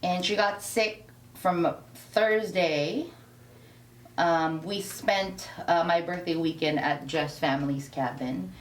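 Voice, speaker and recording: A woman's voice: lowish voice, slow, far from the mic. A woman tells a personal story, slipping into the voices of the people in it. She sits some way off the mic in a room a roomy echo. A faint hiss runs underneath. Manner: animated, acts out quoted dialogue. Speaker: guest. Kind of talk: candid conversational storytelling.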